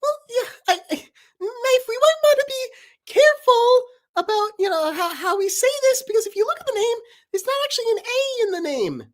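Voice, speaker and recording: Fussy, high-strung cartoon paper object, shrill and pedantic; a woman plays him. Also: big pitch swings, normal speed. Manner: fretful, nitpicking.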